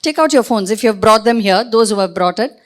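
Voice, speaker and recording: A woman running an interactive training session for a live audience, giving directions and quizzing them with quick questions. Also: medium pitch, expressive. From India. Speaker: workshop trainer. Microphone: podium microphone.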